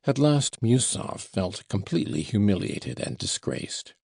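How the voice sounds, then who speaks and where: Deep, gravelly audiobook narrator. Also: male voice, big pitch swings, unhurried, a little mellow, no echo, studio quality. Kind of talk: scripted narration of a classic novel.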